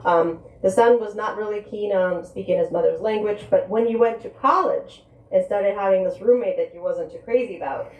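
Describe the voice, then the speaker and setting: A woman author who talks haltingly, often restarting and repeating words, at a live bookstore event. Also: mid-range voice, far from the mic, highs cut off. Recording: echoey room, voice a bit off-mic.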